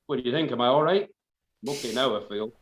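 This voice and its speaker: A man's voice: mid-range voice, quick pace. A man, a folk band member on a live stream, telling a long story in a rambling, self-mocking way. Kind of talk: casual storytelling. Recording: roomy, slightly dull live-stream audio.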